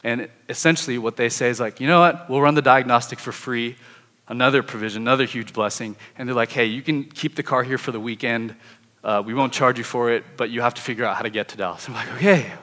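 A young man in his twenties telling a personal testimony as a sermon, animated and acting out his own thoughts. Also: medium pitch, fast, big-room sound. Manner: lively, animated, acts out his inner thoughts. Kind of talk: sermon-style storytelling.

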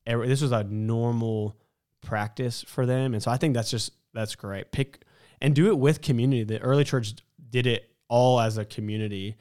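A man's voice: medium pitch, fairly even intonation, moderate pace, darkish tone, clear, resonant tone. A man co-hosting a church podcast, talking in an earnest, encouraging way about spiritual practices. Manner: earnest, encouraging, reads a quote aloud. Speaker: podcast co-host. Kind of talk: casual church podcast discussion.

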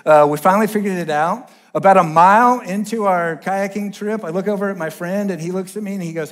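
A young man preaching a sermon, telling a funny personal story in an animated, self-deprecating way, swinging from loud to hushed. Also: high voice, a little fast, hardly any pauses. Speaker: pastor.

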